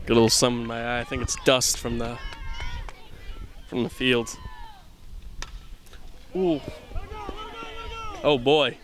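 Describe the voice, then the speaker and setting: A man from the Boston area giving casual play-by-play commentary at a softball game outdoors, full of rambling, self-deprecating jokes. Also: medium pitch, fairly even intonation, unhurried, long pauses, slight background noise.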